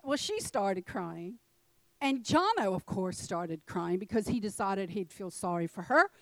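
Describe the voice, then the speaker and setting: A middle-aged woman, telling a personal story to a congregation in an animated, laughing way. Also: medium pitch, measured pace, no room sound, rough recording. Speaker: church speaker.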